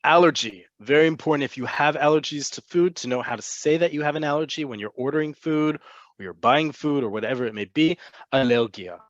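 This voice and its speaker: A man's voice: fairly high pitch, no echo, lo-fi sound. Patient man teaching a language online. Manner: patient, explanatory, repeats words slowly for learners. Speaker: Hebrew teacher. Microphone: computer mic on a video call.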